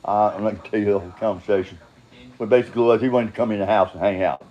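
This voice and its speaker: A man's voice: lowish voice, steady tone, racing, muffled recording. An older man telling his own story in a rambling, casual monologue, blunt and profane, chuckling and drifting off on tangents.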